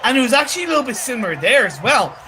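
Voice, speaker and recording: High-voiced esports co-commentator. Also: male voice, sing-song, racing, bright, forceful tone. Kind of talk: color commentary.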